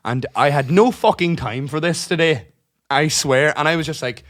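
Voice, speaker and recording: A man, co-hosting a casual podcast and telling an animated story full of swearing. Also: fairly high pitch, moderate pace. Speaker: podcast co-host. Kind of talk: casual chat.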